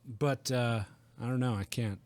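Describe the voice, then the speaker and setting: A man's voice: mid-range voice, fairly even intonation, measured pace, a little mellow. A man co-hosting a gaming podcast in casual chat, who laughs often and lets his sentences trail off. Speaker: podcast co-host.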